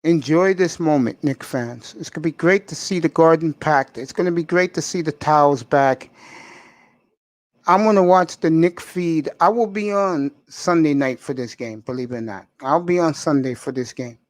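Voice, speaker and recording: A man's voice: a little high, moderate pace, no room sound. A man hosting a casual sports talk show, giving emphatic, opinionated picks and speaking straight to the fans.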